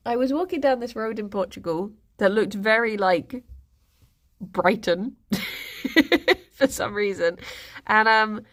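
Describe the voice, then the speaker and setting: A young Englishwoman chats casually on a stream, telling rambling stories full of giggles. Her voice is mid-range with a fairly bright tone.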